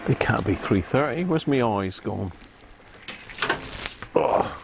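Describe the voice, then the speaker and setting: Here a man repairs electronics on a live stream, his fairly low, expressive voice moving slowly with vocal fry against a noisy background. He chats casually with viewers by name and mutters to himself as he works.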